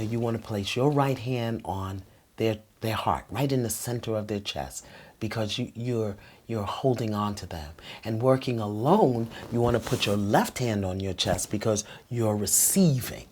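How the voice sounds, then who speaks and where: Middle-aged female advice host, very deep voice, emphatic and preachy, dips to a hush. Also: moderate pace, husky. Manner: emphatic and preachy, drops to a soft whisper when speaking the phrases. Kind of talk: talking straight to the viewer with tips.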